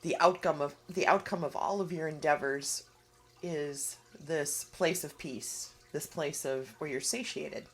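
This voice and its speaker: Low-voiced tearful woman reading cards. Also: measured pace, slight background noise. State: tearful, emotional. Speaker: oracle card reader. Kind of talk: casual card reading vlog.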